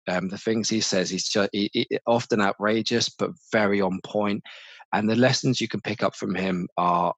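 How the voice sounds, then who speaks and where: A middle-aged man talks in a low, dry voice. He speaks in a lively, animated way, often repeating and restarting words as he thinks aloud. It sounds like a relaxed interview recorded close to the mic. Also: no room sound. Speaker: marketing manager, interview guest. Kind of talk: casual interview chat.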